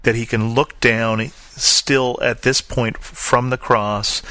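A man preaching a sermon, reading scripture and then explaining it earnestly, slowing down to stress the key lines. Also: mid-range voice, fairly even intonation, bright, forceful tone, no echo. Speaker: pastor.

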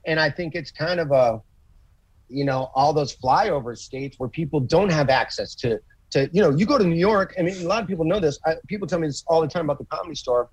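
A man chatting on a podcast, telling stories with swearing and lively acted-out quotes. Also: fairly high pitch, brisk, slightly rough, no echo, rough recording. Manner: profane, animated storytelling with acted quotes. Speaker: comedian guest. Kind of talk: casual podcast chat.

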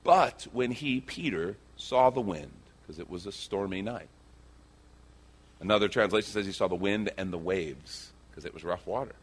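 A male pastor preaching a sermon, telling the story with animated energy and acting out the characters' lines. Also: deep voice, moderate pace, husky. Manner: animated storytelling, acts out quotes.

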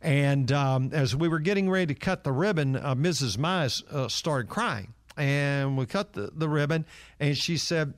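A man's voice: a little high, expressive, a little slow, no room sound, clean studio sound. A man telling stories earnestly, with lots of fillers, as a guest in an interview. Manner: earnest storytelling with many fillers. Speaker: nonprofit leader. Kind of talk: interview answer.

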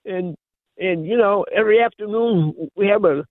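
A man's voice: high voice, normal speed, no room sound, close to an everyday voice. A man voicing a befuddled, newly married old man in a told joke, over a phone line. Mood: earnest.

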